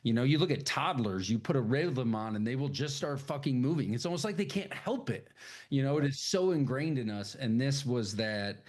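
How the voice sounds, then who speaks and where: A man's voice: mid-range voice, lively intonation. A man co-hosting a podcast, casually recapping a film scene by scene in a loose, profane storytelling way. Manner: loose, profane storytelling that slips into quick impressions of characters. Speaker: podcast co-host.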